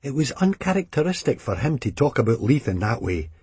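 Scottish man, audiobook narrator, deadpan, husky voice, dry recording. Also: mid-range voice, brisk, no room sound.

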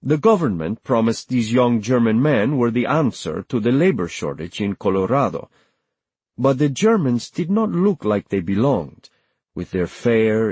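A man reading an audiobook in measured scripted narration, dropping lower and quieter on somber lines. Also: husky, no room sound.

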